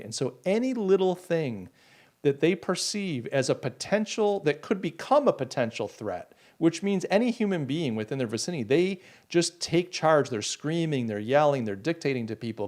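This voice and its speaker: A man's voice: on the high side, very animated, moderate pace, darkish tone. A man hosting a casual live talk show, rambling and indignant, with many restarts while he answers viewer comments. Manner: reads and answers chat comments. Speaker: podcast host.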